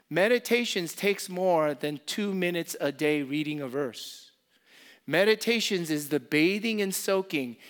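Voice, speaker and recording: This high-pitched man is a pastor delivering a fiery sermon, hammering key phrases again and again. His volume rises to forceful peaks, then drops to quiet, personal asides.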